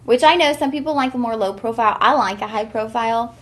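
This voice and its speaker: Speaking quickly in a fairly high voice, a young jewelry host on a shopping channel's live sales stream gushes and chats, saying "y'all" often. The audio is reverberant.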